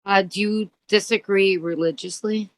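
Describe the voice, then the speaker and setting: A young woman co-hosting a casual podcast, cutting in with quick questions. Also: medium pitch, steady tone, no echo. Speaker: podcast co-host.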